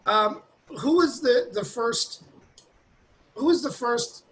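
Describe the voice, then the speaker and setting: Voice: mid-range voice, slow pace, fairly bright tone, rough recording. A comic interviewing another comedian asks easy, loose questions. Between the stories there are only short backchannels. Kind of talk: casual interview.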